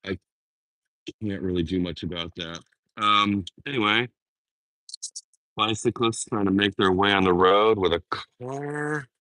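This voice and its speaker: Low-voiced man rambling on a park walk. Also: a little slow, long pauses, pushed and bright, no echo. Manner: chatty, rambling, fond asides. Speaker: vlogger. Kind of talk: live-stream walking vlog. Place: outdoors in a city park.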